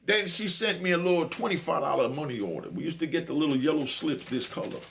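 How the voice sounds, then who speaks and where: A man's voice: on the high side, expressive, fast, vocal fry, fairly bright tone, slight background noise. A middle-aged man casually telling a prison story in loose street slang, often asking "you know what I mean?".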